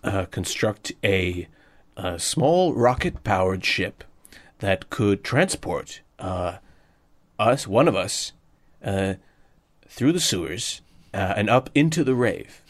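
A man's voice: on the low side, takes it slowly. Hesitant man improvising comedy bits. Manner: deadpan, hesitant, full of ums.

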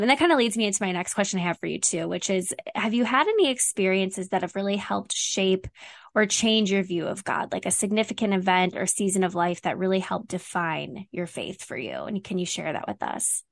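A woman's voice: medium pitch, vocal fry, dry recording. A woman hosting an interview, affirming her guest and asking follow-up questions. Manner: affirming, quick follow-ups. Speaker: podcast host. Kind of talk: interview questions, warm responses.

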